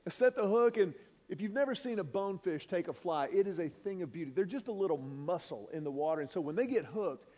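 A male pastor tells a story from the pulpit with lively sound effects, his voice sitting high. The room behind him rings with a long hall echo. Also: fast talker. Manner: animated, acts out sound effects. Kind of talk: storytelling sermon. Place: large church auditorium. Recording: echoey church hall, dull sound.

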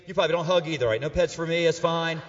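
A middle-aged man preaching to a church crowd, his voice pitched high for a man and full of playful banter. He swings from loud, joking calls to hushed, earnest lines. The sound is dull and carries a long echo from the big hall. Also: fast talker. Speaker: pastor. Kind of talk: sermon. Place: church auditorium with a live audience.

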